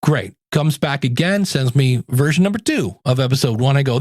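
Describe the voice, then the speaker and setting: A man hosting a solo podcast, giving advice in an animated, conversational way with playful asides. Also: medium pitch, normal speed, no echo, clean studio sound. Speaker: podcast host and coach.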